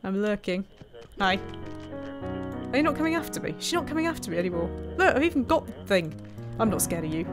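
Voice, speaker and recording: Brit gamer lady chatting over a game, bit high voice, laughs a lot, music playing behind. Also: big pitch swings, slow pace, pauses often. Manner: chatty, laughs often, teases game characters. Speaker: gaming streamer. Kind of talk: casual let's-play commentary.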